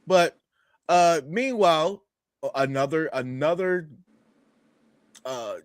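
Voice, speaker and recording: A man's voice: fairly high pitch, clean tone, dry recording. A man co-hosting a wrestling review, chatting casually, often stopping to restart and laughing easily. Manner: halting, with frequent restarts and easy laughter. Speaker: podcast co-host reviewing wrestling.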